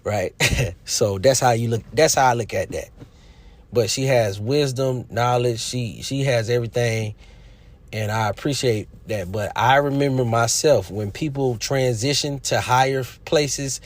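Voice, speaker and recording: Man, casual commentator, preachy and emphatic, loud bursts then quiet asides. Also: medium pitch. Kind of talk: casual opinion monologue.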